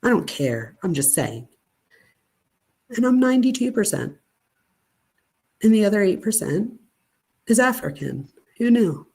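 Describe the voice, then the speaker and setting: A woman in her forties from Pennsylvania, hosting a live stream in casual chat and answering viewer comments with animated stories. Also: mid-range voice, a little slow, vocal fry, long pauses, husky. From Pennsylvania, United States.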